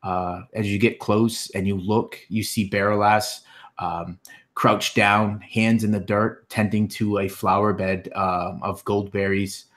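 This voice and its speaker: Man, game master, lowish voice, halting, lots of ums. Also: level tone, fairly bright tone. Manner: halting, many fillers. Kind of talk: narrating a tabletop game.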